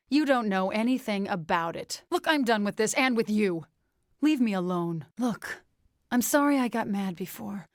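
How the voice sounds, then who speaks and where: A woman's voice: on the high side, dry recording, studio quality, lightly acted. A woman playing a stubborn young farmer woman. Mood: angry, then apologetic. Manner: hesitant, many "well" pauses, defensive. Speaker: game companion character. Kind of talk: video game voice acting.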